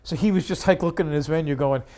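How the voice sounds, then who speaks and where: A man from Long Island, a guest comedian telling an anecdote in an animated way. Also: a little high, fast. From Long Island, New York. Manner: animated, acts out other people's lines. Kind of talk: storytelling anecdote.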